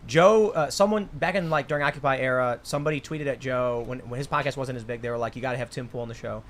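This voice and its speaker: A man's voice: medium pitch, fast, a little hiss or hum. A young man hosting a casual chat, telling a rambling story full of restarts. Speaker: host.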